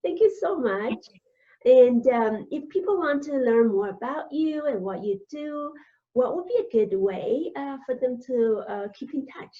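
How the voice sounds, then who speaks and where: A woman's voice: sits high, lively intonation, a little slow. A woman hosting an interview on a video call, speaking in an encouraging way with frequent fillers. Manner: warm and encouraging, with many fillers. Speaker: host. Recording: dull, lo-fi video call audio.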